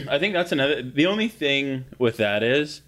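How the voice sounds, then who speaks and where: A man's voice: mid-range voice, lively intonation, normal speed, a bit bright. A young Canadian man co-hosting a podcast, chatting casually, swearing a lot as he rants and laughs. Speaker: podcast co-host. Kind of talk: casual chat.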